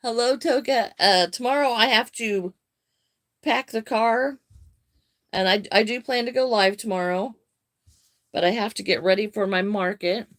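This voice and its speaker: Slow-talking older woman live streamer. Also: a little high. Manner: unhurried, friendly, greets viewers by name. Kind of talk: casual live-stream chat answering viewer comments.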